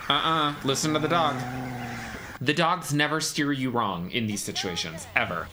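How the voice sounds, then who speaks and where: A man chatting casually and excitably, swearing freely while reacting to a film. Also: mid-range voice, normal speed, background noise. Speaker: movie reaction host. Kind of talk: casual commentary over a film. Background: faint film soundtrack music.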